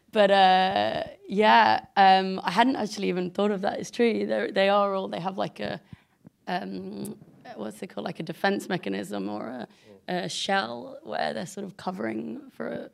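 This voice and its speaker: A woman's voice: medium pitch, creaky. A woman answering as a series creator on a panel, laughing often and searching for words. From England.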